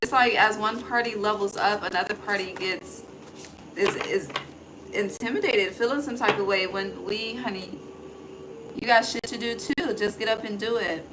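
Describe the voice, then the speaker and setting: A woman's voice: mid-range voice, normal speed. A woman giving a casual, chatty card reading, thinking aloud, swearing freely and calling the listener honey. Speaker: intuitive tarot reader. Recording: steady background noise.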